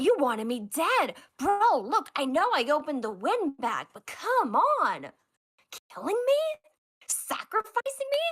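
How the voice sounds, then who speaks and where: A woman's voice: on the high side, fairly bright tone. A woman voicing a mutinous male sailor who makes heated, stammering accusations in a tabletop role-play.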